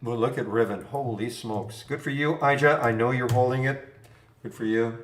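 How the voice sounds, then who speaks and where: A man's voice: mid-range voice, moderate pace. A man hosting a live trading stream, thinking aloud in a rambling, chuckling, casual way. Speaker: trading room host. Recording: roomy echo.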